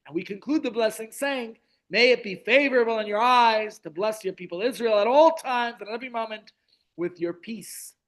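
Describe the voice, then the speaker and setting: A man's voice: sits high, moderate pace, fairly bright tone. A middle-aged man teaching a Torah class over a video call, chatty, with asides and restarts.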